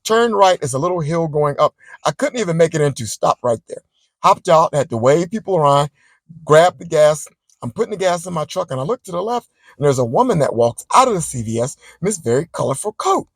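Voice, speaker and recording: A man vlogging, chatting straight to his viewers as he tells a story in a casual, animated way. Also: on the high side, brisk, no room sound, low-quality recording.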